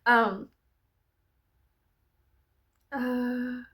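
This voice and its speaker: A woman's voice: on the high side, flat delivery, extremely slow, fairly bright tone. A young adult woman chatting casually in a vlog, rambling, laughing often and swearing freely. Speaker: vlogger.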